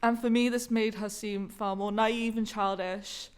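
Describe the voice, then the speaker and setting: A woman's voice: medium pitch, steady tone, unhurried, clean tone. A woman co-hosting a podcast, giving an earnest, analytical review of a theatre show. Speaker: podcast co-host reviewing a musical. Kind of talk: casual review chat.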